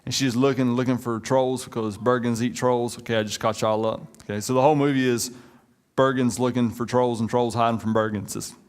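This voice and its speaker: A pastor in his thirties with a drawl delivers a relaxed, chatty sermon. He jokes with the congregation and talks to them like old friends, at an ordinary middle pitch for a man. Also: a little fast. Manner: conversational, joking, uses y'all.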